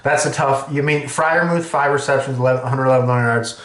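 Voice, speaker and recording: A man hosting a sports podcast, ranting excitably and cursing freely. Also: medium pitch, a little fast, echoey room, a little hiss or hum. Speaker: podcast host.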